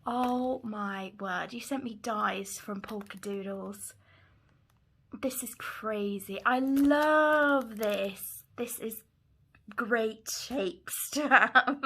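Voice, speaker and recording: Twenties crafter girl, slow-talking, gushy and thankful, casual unboxing chat. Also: a little high. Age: 20s. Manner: gushing, excitable, thankful. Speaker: crafting channel host.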